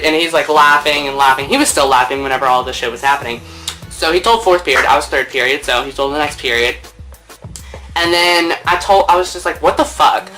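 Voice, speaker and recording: Animated swearing young man telling a story. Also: a little high, poor audio. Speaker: vlogger. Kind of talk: casual storytime vlog.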